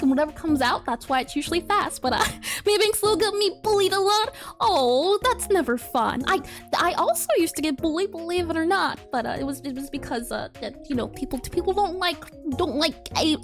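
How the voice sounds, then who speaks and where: A woman's voice: very high-pitched, a bit bright. A woman streaming her game development live, chatting casually, reading chat aloud, spelling out words and laughing often.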